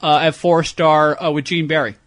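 Man, interviewer, high voice, hesitant questions, radio show. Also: little pitch movement, normal speed, a bit bright. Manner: hesitant questioning, many uh fillers. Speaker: podcast host, interviewer.

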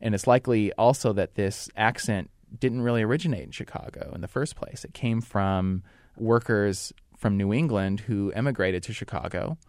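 Low-voiced male podcast host. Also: moderate pace, no room sound, studio quality. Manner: relaxed, explanatory, with fillers. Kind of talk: casual podcast chat.

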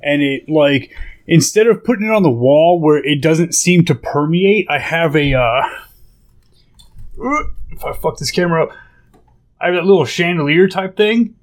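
Profane, animated man telling stories. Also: fairly high pitch, moderate pace. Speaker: podcast co-host. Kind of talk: casual chat.

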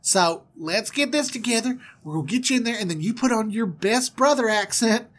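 A man voicing a scheming, doting southern mother with a Southern US twang, talking in a hushed, husky drawl. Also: high-pitched, lively intonation, fairly quick, pitched above the performer's own voice.

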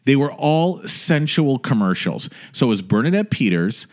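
A man hosting a podcast, telling stories in a playful, animated way. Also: mid-range voice, moderate pace. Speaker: podcast host. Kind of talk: casual podcast chat.

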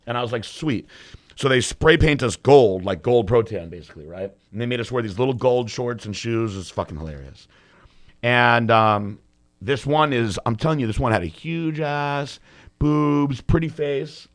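Male podcast co-host, casual storyteller, crude and lively. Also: medium pitch, normal speed. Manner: loose, profane, animated storytelling.

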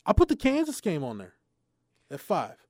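Male sports reporter, measured, a touch high-pitched, dry close sound, lays out rankings in order. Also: wildly swooping pitch, no room sound. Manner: measured, lays out points in order, drops low and quiet when making a case. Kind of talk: casual sports chat.

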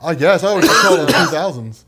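A man co-hosting a casual comics chat, joking in quick banter. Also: fairly high pitch, expressive, bright, forceful tone, slightly rough. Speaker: co-host.

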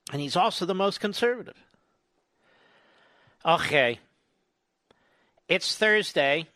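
A male talk radio host rails into the studio mic with sarcastic indignation, leaning hard on each point. His voice sits a bit high for a man, and the room is dead dry with no echo at all. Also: sharp tone. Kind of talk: opinionated talk radio monologue.

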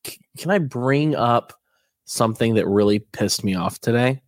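A man co-hosting a casual podcast, telling stories with animated indignation. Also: medium pitch, normal speed, dry recording, clean studio sound. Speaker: co-host.

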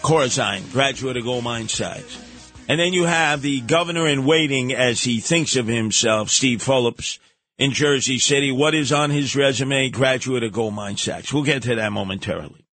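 A man's voice: mid-range voice, moderate pace, a bit bright, faint music behind. A man hosting a talk radio show, delivering a blustery, sarcastic, mocking monologue into a studio microphone.

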